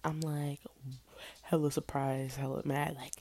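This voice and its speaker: A low, gravelly woman's voice with a husky edge, telling a story in slangy, animated bursts. She speaks slowly, and her pitch swings widely. The sound is dry and close. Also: no room sound. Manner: slangy, animated storytelling with sudden loud outbursts and laughs. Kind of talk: casual storytime.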